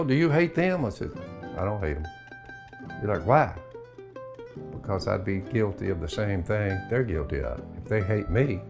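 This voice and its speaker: An older man, hosting his own show and giving folksy, plainspoken homespun preaching. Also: on the low side. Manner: drawling, plainspoken, acts out imagined dialogue. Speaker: show host.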